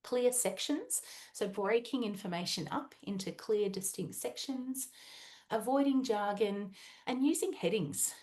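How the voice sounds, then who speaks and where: A woman's voice: mid-range voice, a little slow, a little mellow. An Australian woman presenting a webinar talk in a chatty, conversational way with frequent "um"s.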